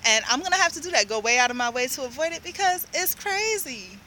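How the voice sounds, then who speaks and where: A woman ranting casually into her camera. Her voice is bright and a little high. She tells her story in a chatty, rambling way, and faint vehicle noise runs underneath. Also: big pitch swings, fast, poor audio. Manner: chatty, storytelling, quotes people in her own voice. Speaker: vlogger.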